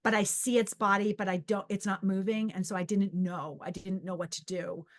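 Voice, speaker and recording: Chatty, animated middle-aged woman storyteller. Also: mid-range voice, normal speed. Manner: animated, rambling, with many restarts and acted-out inner voices. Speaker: podcast host and psychic medium. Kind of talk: casual personal storytelling.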